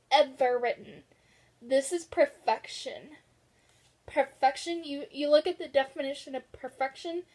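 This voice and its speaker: A woman's voice: sits high, darkish tone. A young woman vlogging about books in casual chat, chatty and gushing, laughing often. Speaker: book vlogger.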